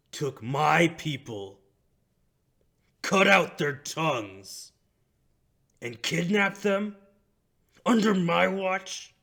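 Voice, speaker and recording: A man as a game master doing a proud, vengeful male crime boss in a tabletop game. He speaks in a deep, level voice, calm and measured, with threat simmering underneath. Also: close to an everyday voice. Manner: calm and measured, flaring into booming rage.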